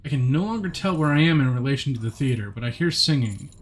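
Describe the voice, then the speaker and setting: Expressive and fast-talking, this man has a mid-range voice as he streams a game live. He chats with viewers, answers the chat, and reads the game's narration aloud in a plain voice.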